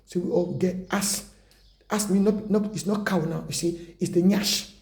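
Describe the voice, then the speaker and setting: High, gravelly man preaching. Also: normal speed, a little mellow, echoey room. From Africa. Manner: impassioned, rambling, broken English. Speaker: self-styled preacher. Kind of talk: rambling exhortation. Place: indoors at home.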